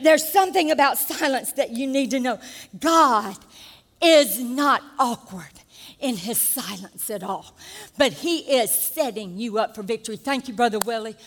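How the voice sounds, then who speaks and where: An older woman pastor preaching a sermon, animated and folksy, rising to shouts at the peaks. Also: fairly high pitch, a little slow. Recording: long reverb of a church hall.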